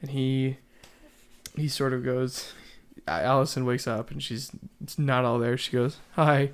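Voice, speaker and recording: A man with a medium-pitched voice chats on a theatre podcast. He quotes a play's dialogue with real enthusiasm and laughs often as he talks. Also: little pitch movement, a little slow, clear, resonant tone. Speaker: podcast co-host. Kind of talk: casual chat recapping a play.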